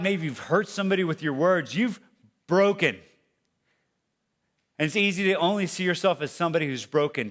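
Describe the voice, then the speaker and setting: A man preaching a sermon as pastor in a conversational way, moving from loud emphasis to hushed, quiet passages. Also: a little high. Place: church.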